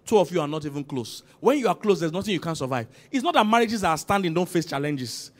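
A man preaching as senior pastor in a church, swinging from loud calls to quiet emphasis and asking the congregation to respond. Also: on the high side, very animated, a little fast, hardly any pauses. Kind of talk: sermon.

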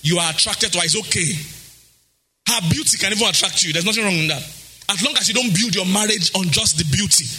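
A Nigerian man preaching a sermon on relationships, in a sing-song style that breaks into acted quotes and bursts of shouting. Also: sits high, fast, soft background music. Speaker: pastor.

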